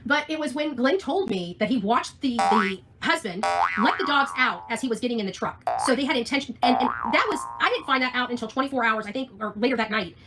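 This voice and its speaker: Fast-talking rambling woman vlogger. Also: a little high, lively intonation. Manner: rambling, emphatic, many restarts. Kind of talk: casual storytelling to camera. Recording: loud music behind.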